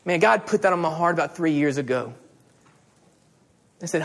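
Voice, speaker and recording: A middle-aged man preaching a sermon as a pastor, animated and telling stories with quoted dialogue. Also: sits high, moderate pace, long pauses.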